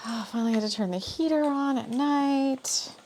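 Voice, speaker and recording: A woman's voice: high-pitched, moderate pace, a little mellow, slight background noise. A woman hosting a casual spiritual talk and tarot reading, rambling and chatty with frequent laughs and fillers. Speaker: spiritual host and tarot reader.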